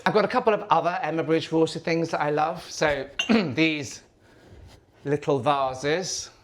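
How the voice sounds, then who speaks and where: A man's voice: on the high side, unhurried, a little hiss or hum. A man chatting casually to camera as a lifestyle vlogger, effusive and chatty, in the kitchen of an old house.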